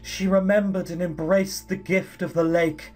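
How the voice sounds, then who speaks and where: A man voicing solemn, ancient fairy beings who speak slowly and grandly. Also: high-pitched, flat delivery, a little mellow. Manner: slow, stately, portentous.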